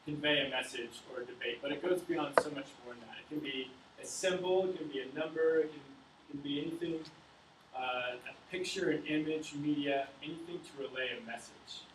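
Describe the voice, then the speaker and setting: A young man teaching a writing class, reciting a poem and explaining it in a halting way full of fillers. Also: a little high. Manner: halting, many fillers and restarts. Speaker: writing instructor. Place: university classroom. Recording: echoey room from far off with noise.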